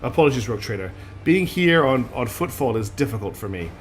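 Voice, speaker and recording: A man voicing a stern, brooding female warrior guardian in a game, with a put-on French accent that slips, speaking low and solemn. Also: expressive, fairly quick, a little hiss or hum, lightly acted. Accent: put-on French, slipping. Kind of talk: reading game dialogue aloud.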